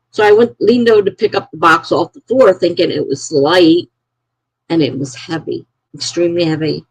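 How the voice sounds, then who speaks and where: A woman hosting a casual live stream from her apartment, telling long rambling stories to her viewers in an animated way. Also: fairly low pitch, normal speed, slightly rough, no room sound, poor audio.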